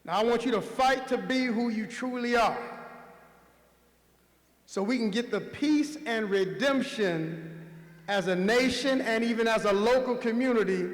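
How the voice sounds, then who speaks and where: High-voiced man giving a rousing graduation speech. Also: a little slow. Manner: rousing, preacher-like cadence with repetition. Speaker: school staff speaker at a graduation. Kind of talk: commencement speech with call-and-response chants. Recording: echoey hall with long reverb.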